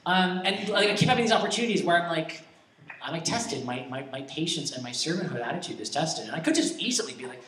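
A man's voice: on the high side, expressive, quick pace, a bit bright, a little hiss or hum. Young guy preaching, super casual, keeps restarting, mic kinda far off in a roomy space. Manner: rambling, conversational, many fillers and restarts; self-deprecating humor. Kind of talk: informal sermon with personal stories. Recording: echoey room, distant mic, faint ambience.

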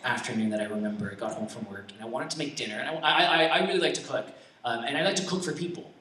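Speaking very fast in a bright, forceful, medium-pitched voice, a young preacher delivers a casual, rambling sermon packed with personal anecdotes, frequent restarts and self-deprecating humor. The distant mic picks up an echoey room, faint ambience and slight background noise.

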